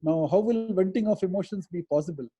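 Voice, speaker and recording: Over a video call, a man who works as an advocate answers webinar questions thoughtfully, explaining things with hesitant pauses. His voice sits high yet has a dark, husky tone.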